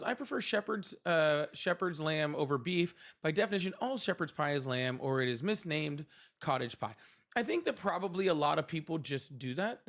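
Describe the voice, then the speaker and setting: A man's voice: fairly high pitch, vocal fry, a bit bright. A young man hosting a casual livestream, chatting with viewers, thanking them and laughing often. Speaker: livestream host.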